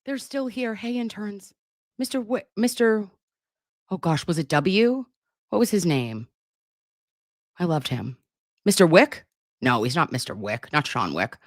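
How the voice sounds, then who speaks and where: A woman's voice: lowish voice, big pitch swings, measured pace, pauses often, dry recording, clean studio sound. A woman hosting a casual livestream from home, chatting with viewers in a playful, profane way. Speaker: livestream host.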